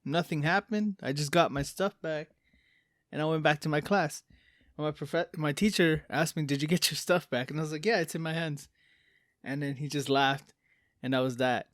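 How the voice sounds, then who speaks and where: A man's voice: a little high, normal speed, fairly bright tone, dry recording, studio quality. A man co-hosting a casual podcast chat, telling stories bluntly and confidently. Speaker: podcast co-host.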